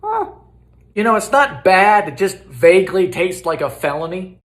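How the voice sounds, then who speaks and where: Young male comic baking host; high, very animated delivery, roomy home kitchen sound. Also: moderate pace. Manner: theatrical, deadpan asides and sudden shouts. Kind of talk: comedic cooking narration.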